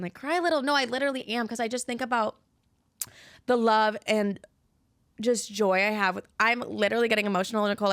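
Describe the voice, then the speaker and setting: A young woman in her twenties chats through listener questions on her podcast, swearing freely and gushing about her friends. Her voice is smooth and clear, recorded close and dry with no room sound. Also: medium pitch, a bit bright, no room sound. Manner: chatty, candid and profane, gushing about friends. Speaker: podcast host. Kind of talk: casual solo podcast, answering listener questions.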